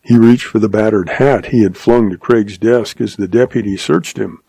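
A man narrating a western story in a steady, measured audiobook reading. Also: on the low side, gravelly, slightly rough, dry recording.

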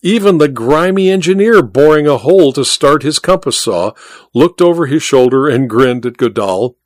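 Expressive male audiobook narrator, dry close sound. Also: on the high side, dry recording. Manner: expressive, measured storytelling. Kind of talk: scripted narration.

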